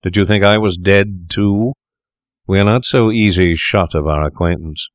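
A man's voice: deep voice, normal speed, no echo, studio quality, natural voice. A man reading a story aloud, voicing a shabby old drinker who speaks bluntly and with scorn. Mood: bitter. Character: bitter shabby old male drunkard, defiant. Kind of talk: audiobook reading.

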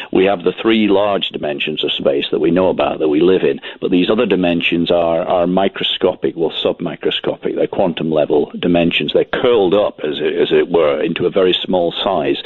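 Deep Scottish man on a phone line. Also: husky, no room sound. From Scotland. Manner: measured, thoughtful, with restarts. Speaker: scientist guest. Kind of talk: explanatory interview answers. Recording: dry, tinny phone line.

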